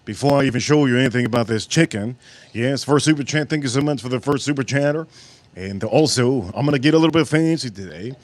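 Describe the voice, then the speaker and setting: A man's voice: mid-range voice, quick pace, dry recording. A man hosting a live cooking and whiskey stream, rambling and joking off on tangents while thanking viewers and reading their messages aloud. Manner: rambling, jokey, goes off on tangents. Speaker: livestream host of a cooking and whiskey channel.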